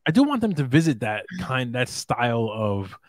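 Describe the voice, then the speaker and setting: A man in casual podcast chat, animated and eager, acting out moments from shows as he talks. His voice sits at an ordinary middle pitch. The sound is dry and close to the mic. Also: no echo. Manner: animated, acts out scenes in quick mimicking voices. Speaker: podcast co-host.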